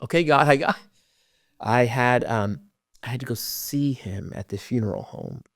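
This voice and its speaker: A middle-aged man telling his own story as a podcast guest, earnest and halting, often dropping to a hush. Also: mid-range voice, vocal fry, no echo, studio quality. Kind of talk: personal storytelling.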